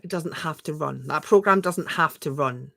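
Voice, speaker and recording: Reading her viewers' comments out loud and responding, a woman gives spiritual coaching over a live stream, often asking rhetorical questions and softly repeating phrases. Her fairly low, bright voice has vocal fry and a dry, close sound without room echo, moving at a moderate pace.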